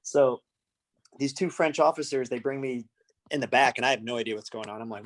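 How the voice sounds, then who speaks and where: A man's voice: mid-range voice, fairly even intonation, quick pace. A man from the United States, a musician guest on a podcast, telling a loose, laughing anecdote full of fillers. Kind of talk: casual storytelling.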